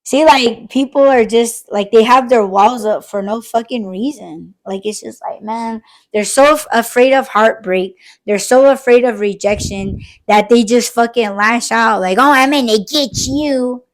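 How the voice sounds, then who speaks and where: A woman's voice: on the high side, measured pace. A woman hosting a podcast in casual late-night chat, swearing freely and acting out the other side of conversations. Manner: profane, animated, acts out quoted exchanges. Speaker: podcast host.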